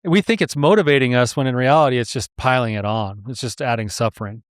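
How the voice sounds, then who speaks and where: A man's voice: mid-range voice, fast, no room sound, studio quality. A man talking as a guest therapist in a casual podcast conversation, earnest and explanatory, laughing and sighing now and then.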